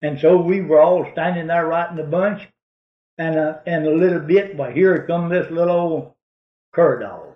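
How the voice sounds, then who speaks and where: A man's voice: fairly high pitch, normal speed, roomy sound, phone-quality sound. A man telling a rambling, folksy hunting story in a drawling way.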